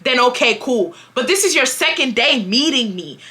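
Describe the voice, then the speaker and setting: A young woman in her twenties tells a storytime vlog in a lively, slangy way. Her voice is bright and fairly high, and she leaps in pitch when she acts out what people said. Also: normal speed. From Houston, Texas. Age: 20s. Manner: expressive, slangy, acts out quotes with pitch jumps. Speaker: storytime YouTuber.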